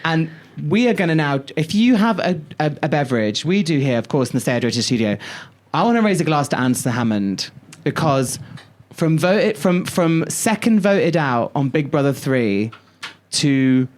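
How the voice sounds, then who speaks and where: A man co-hosting a podcast in a studio, telling stories in an animated, casual way and swearing freely. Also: on the high side, moderate pace. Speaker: podcast co-host. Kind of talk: casual chat.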